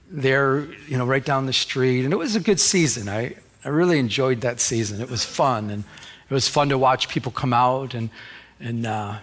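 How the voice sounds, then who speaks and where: A middle-aged man preaching a sermon as a pastor, conversational and animated, often restarting his words as he tells stories. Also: on the high side. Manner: conversational, animated storytelling with repeated word restarts.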